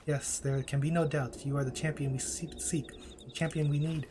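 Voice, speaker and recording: A man's voice: fairly high pitch, little pitch movement, moderate pace, noisy background, close to an everyday voice. A man reading a mysterious pleading young woman. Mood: urgent. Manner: earnest, pleading, stumbling repeats. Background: game music.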